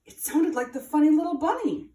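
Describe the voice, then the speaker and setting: A woman reading a children's story aloud with an expressive, sing-song delivery. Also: sits high, a little fast, far from the mic. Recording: roomy, from afar.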